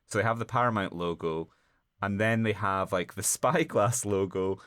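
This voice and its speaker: A man with a low voice talks casually and wryly about a film, rambling and poking fun at himself. The sound is dry and close, with no room around it. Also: normal speed, a bit bright, clean tone, no room sound. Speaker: podcast co-host. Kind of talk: casual chat.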